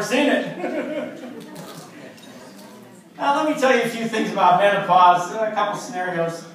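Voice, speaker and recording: A man in his fifties performing a stand-up comedy set on a club stage, telling stories conversationally. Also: high voice. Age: 50s. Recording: echoey club from far off.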